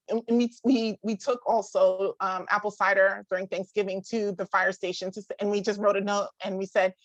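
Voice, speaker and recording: A woman in her thirties, medium-pitched, talks about parenting in a casual live group setting. Chatty and full of "like," she restarts sentences quickly, laughs often and does voices of other people. There is no room sound.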